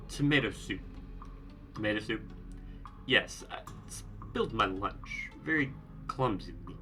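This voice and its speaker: A man voicing a creepy, grinning, hunched innkeeper who stresses words oddly, with game music underneath. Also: on the low side. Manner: slow, oddly emphasized words.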